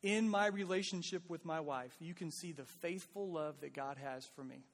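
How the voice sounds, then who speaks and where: A man's voice: fairly high pitch, normal speed, long reverb tail. A man preaching a sermon as pastor, earnest and conversational, pleading with his listeners.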